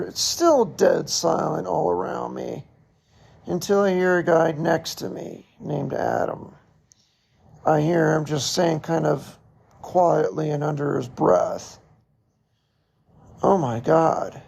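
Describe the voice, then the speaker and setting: A middle-aged man hosting a podcast, telling a personal story in a slow, reflective way with short laughs. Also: fairly high pitch, darkish tone. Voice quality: gravelly, husky. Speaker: podcast host.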